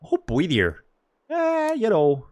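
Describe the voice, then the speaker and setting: A man's voice: high voice, huge pitch swings, takes it slowly, darkish tone, pitched above the performer's own voice, full character voice. A man putting on a friendly, rambling Canadian character with a mock Canadian accent, full of hesitant "uh, you know" fillers. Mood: folksy. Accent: put-on Canadian.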